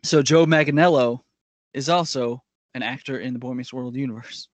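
A man's voice: mid-range voice, moderate pace, dry recording. A man co-hosting a podcast in casual chat, jokey and playful. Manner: jokey, does goofy voices and mock ads. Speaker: podcast co-host.

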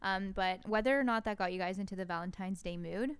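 A young woman hosting a podcast, relaxed and casual, wrapping up the episode. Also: medium pitch, fast, clean tone. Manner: relaxed, laughing, stumbles over words. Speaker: podcast host. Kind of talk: casual chat.

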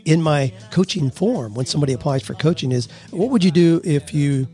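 A man's voice: fairly high pitch, expressive, brisk, warm tone, soft background music. A man hosting a radio advice show, talking in a folksy, conversational way, explaining ideas with everyday examples and reading listener letters aloud.

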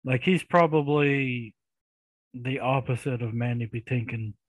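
A man's voice: medium pitch, unhurried, no echo. A man co-hosting a casual movie podcast, telling anecdotes in an easygoing way. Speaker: podcast co-host. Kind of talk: casual chat about movies.

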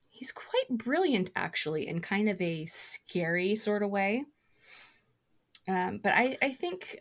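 A woman's voice: mid-range voice, fairly bright tone. A woman co-hosting a podcast, chatting casually in an emphatic, playful way. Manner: emphatic, playful, quick to laugh. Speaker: podcast co-host. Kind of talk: casual fan discussion.

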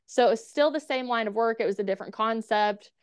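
A woman's voice: a little high, a little fast, smooth, no room sound, clean studio sound. A woman guest on a podcast, telling a personal story in a frank, casual way, with blunt swearing and lots of "like". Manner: frank, swears freely, many "like" fillers.

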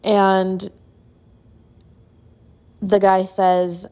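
A middle-aged woman hosting a podcast, casually telling a personal story, chatty and full of "like," getting animated when she quotes people. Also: fairly low pitch, moderate pace. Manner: chatty, filler-heavy, uses "like" often. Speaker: podcast host.

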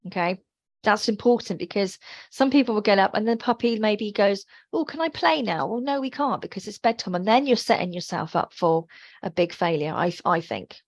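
A woman's voice: mid-range voice, fairly quick, no room sound. A woman hosting a podcast, giving chatty, emphatic advice with plenty of tag questions.

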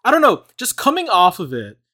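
A man co-hosting a podcast, talking in an animated, rambling way with restarts. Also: high voice, brisk. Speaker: podcast co-host. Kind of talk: casual chat.

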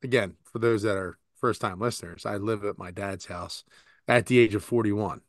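A man's voice: on the low side, fairly even intonation, moderate pace, no room sound, clean studio sound. A man in his forties co-hosting a podcast, telling stories in a rambling, laughing, profane way. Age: 40s. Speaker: podcast co-host. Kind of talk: casual chat.

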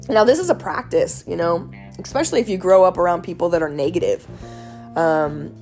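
Woman, lowish voice, earnest and chatty wellness talk, faint music underneath. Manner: earnest, animated, chatty with many fillers. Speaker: wellness speaker. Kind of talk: casual advice talk.

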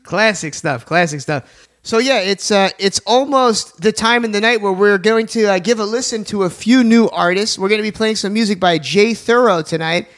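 A man's voice: high voice, fairly bright tone. A man hosting a casual radio talk show, joking around and plugging sponsors. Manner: jokey, plugs sponsors, fast asides.

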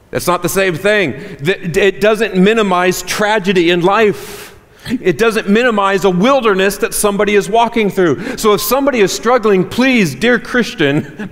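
A man preaching a sermon as pastor, animated and joking with the congregation. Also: high-pitched. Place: church hall. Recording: reverberant church hall.

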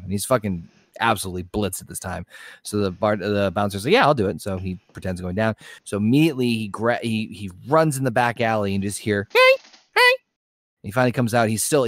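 Male podcast co-host, low voice, dry close mic, rambling profane joke-teller. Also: dry recording. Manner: rambling storyteller, acts out bar dialogue. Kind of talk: casual chat, telling a joke.

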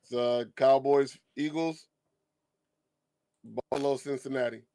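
A man's voice: medium pitch, steady tone, a little slow, dark tone, no room sound, poor audio. A man co-hosting a podcast, laid-back in a casual sports chat and repeating his point. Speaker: podcast co-host.

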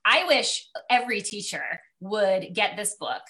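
A woman's voice: medium pitch, expressive, unhurried, pushed and bright. A woman hosting a podcast interview, chatting enthusiastically and often saying "like" and "right?". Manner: enthusiastic, gushing, peppered with "like" and "right?". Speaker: podcast host. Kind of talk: casual interview chat.

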